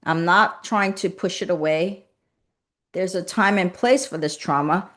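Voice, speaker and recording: A spiritual coach hosts a live-streamed motivational talk, offering gentle, repeated affirmations and greeting viewers by name as she reads their comments. Her voice is on the low side and her pace measured.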